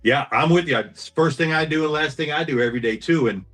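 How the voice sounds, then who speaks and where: A man's voice: fairly high pitch, fast talker, a bit bright, soft background music. Friendly upbeat man, podcast guest. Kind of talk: casual conversation.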